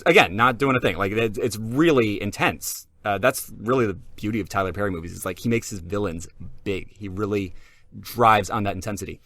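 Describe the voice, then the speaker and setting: A man co-hosting a casual podcast chat, animated and laughing often as he talks. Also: on the low side, dry recording, studio quality. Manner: animated, laughs while talking. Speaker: podcast co-host.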